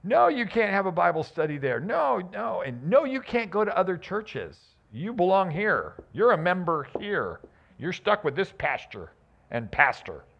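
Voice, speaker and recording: A man's voice: high-pitched, big pitch swings, normal speed, creaky, highs cut off, voice pushed up, heavily acted. A man voicing a possessive, controlling male pastor who scolds and bosses his flock. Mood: scolding. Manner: scolding, bossy.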